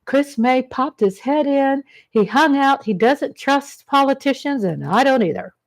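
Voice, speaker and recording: A woman's voice: high voice, animated, a little slow. A woman hosting a casual livestream, rambling chattily and greeting viewers by name as she talks. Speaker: livestream host. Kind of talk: casual live-chat monologue.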